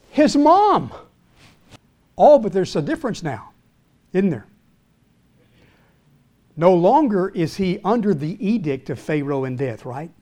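A man preaching a sermon, reading scripture aloud and retelling it with animated emphasis, swinging between loud and hushed. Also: high voice. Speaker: pastor.

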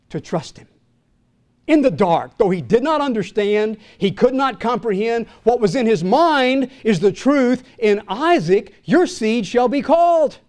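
Older male pastor, high-pitched, dramatic sermon delivery, rises loud and drops to a hush, quizzes the congregation. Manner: dramatic preaching, swinging from loud to hushed; asks the congregation questions.

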